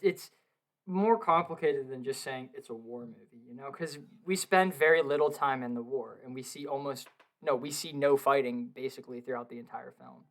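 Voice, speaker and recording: A young man chatting casually on a podcast from his home basement, excitable, swearing a lot and laughing often. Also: on the high side. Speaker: podcast co-host. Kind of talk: casual film review chat.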